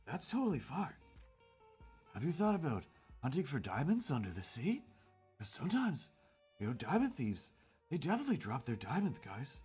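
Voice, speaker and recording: A man's voice: mid-range voice, huge pitch swings, normal speed, long pauses, a little mellow, husky, soft background music, pitched above the performer's own voice, full character voice. A man voicing Ted, a laid-back surfer-bro male puppet who rambles in dude-speak. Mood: mellow.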